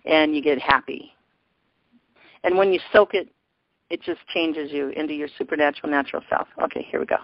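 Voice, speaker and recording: A woman with a low-pitched voice speaks a little fast but pauses often, with no echo, as she hosts a spiritual call-in show on a teleconference line. She guides listeners effusively, laughing and exclaiming, on a dull lo-fi call recording.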